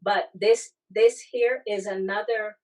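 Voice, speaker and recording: A woman with foreign accent syndrome, speaking haltingly on a church panel as a disability advocate. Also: mid-range voice, fairly even intonation, darkish tone, far from the mic, rough recording. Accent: foreign accent syndrome, accent not from her Southern California origin. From Southern California. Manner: halting, restarts and searches for words. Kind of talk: panel discussion.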